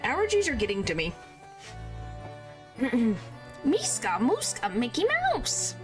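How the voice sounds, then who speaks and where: Fairly bright in tone, this woman's mid-range voice accompanies her video game stream, where she chats casually, playfully tests out character voices and lets slip mild exclamations.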